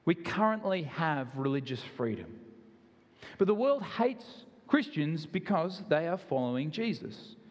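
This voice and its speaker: A man's voice: fairly high pitch, big pitch swings, measured pace, in a large hall, highs cut off. A man with an Australian accent, preaching a sermon in an earnest, conversational way with self-deprecating asides. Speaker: pastor.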